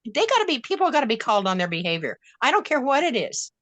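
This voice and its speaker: Blunt, bright-voiced older woman. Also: a little high, very animated, fast talker, dry recording. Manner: blunt, fired-up storytelling with many restarts. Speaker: panelist. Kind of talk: casual panel discussion.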